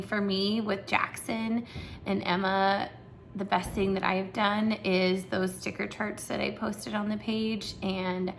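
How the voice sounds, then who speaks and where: A woman's voice: mid-range voice, creaky, a little hiss or hum. A young woman, a preschool teacher, chatting casually and encouragingly to parents with lots of fillers.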